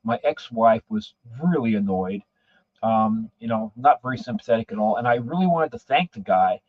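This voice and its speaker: As a podcast guest, a man tells a story casually and ramblingly, often repeating his words. His voice is on the low side and animated, at a moderate pace. The recording is dry, with no echo and a dull lo-fi sound.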